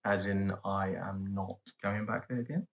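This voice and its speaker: A man talking in a calm, laid-back way as he joins his wife's vlog. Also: deep voice, a little slow, lo-fi sound. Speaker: co-host, husband. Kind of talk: casual chat.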